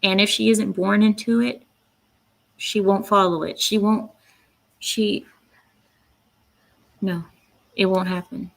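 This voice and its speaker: A woman's voice: mid-range voice, fairly even intonation, slow, creaky, pauses often. A woman hosting her own commentary channel, speaking bluntly and with indignation, often breaking off to read quotes aloud. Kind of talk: opinionated solo commentary.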